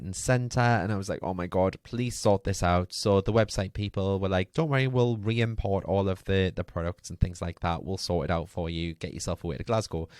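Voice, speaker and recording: A man's voice: on the low side, no echo, clean studio sound. A man hosting a podcast, telling a rambling, chatty story full of asides and fillers. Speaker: podcast host. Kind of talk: casual storytelling monologue.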